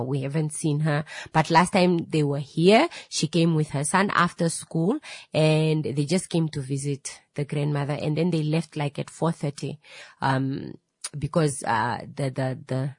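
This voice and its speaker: A woman's voice: deep voice, measured pace, a little mellow, no room sound. A woman playing a subdued, hesitant granddaughter. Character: worried adult granddaughter protecting her grandmother.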